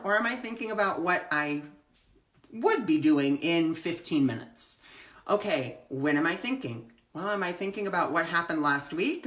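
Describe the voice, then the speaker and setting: A woman's voice: lowish voice, a bit bright, reverberant. A woman who gives readings, speaking earnestly in a live-streamed spiritual talk with flowing, repeated phrases. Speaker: spiritual teacher and reader.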